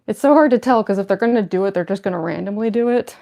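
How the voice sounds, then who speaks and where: Talking fast in a creaky, dark-toned, mid-range voice, a young woman cosplayer chats casually on a livestream as she puts on her costume. She rambles, leans heavily on fillers, makes self-deprecating remarks, and lisps a little from the costume fangs.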